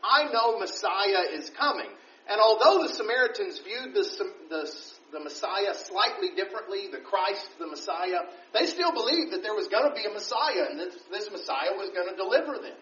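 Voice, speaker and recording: High-pitched and sing-song, with a fairly bright tone, this man speaks at normal speed as he works through the Bible verse by verse. He reads scripture aloud and then explains it in a conversational way, heard in a dull, roomy recording from afar.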